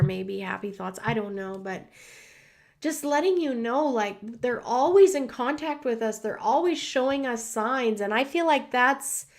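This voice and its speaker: A woman hosting a livestream from her home studio, emotional and rambling, with many restarts. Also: on the high side. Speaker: host. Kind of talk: casual livestream talk.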